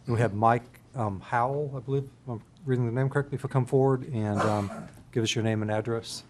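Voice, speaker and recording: A man's voice: medium pitch, fairly even intonation, fast talker, noisy background. A man on a county board's staff explaining meeting business, hesitant, with frequent ums and restarted words. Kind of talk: official meeting procedure.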